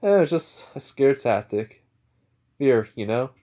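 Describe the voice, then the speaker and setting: A cocky teenage hero with fire powers, smug and offhand, as a man reads him out in his own voice. He taunts easily, in a middle-pitched voice. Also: animated, unhurried, dark tone, lightly acted.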